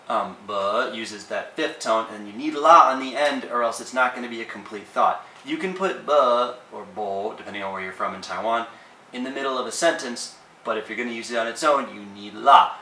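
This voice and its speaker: Male tutor, casual and chatty, bright tone, roomy distant sound. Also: fairly low pitch, a little fast, slight background noise. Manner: relaxed, with frequent ums and uhs. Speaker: language teacher. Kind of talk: casual explanatory lesson.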